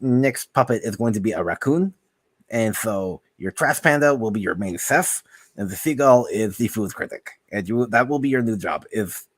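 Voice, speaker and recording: On a livestream, a guest giving advice chats casually, offering rambling tips full of fillers and reading search results aloud. His voice is medium-pitched and a bit bright, with no room sound.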